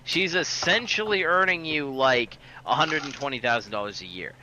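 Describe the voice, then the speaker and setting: Brief: sharp-voiced male podcast host, profane storyteller, faint hiss behind. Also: a little high, lively intonation, normal speed, lo-fi sound. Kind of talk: casual podcast chat.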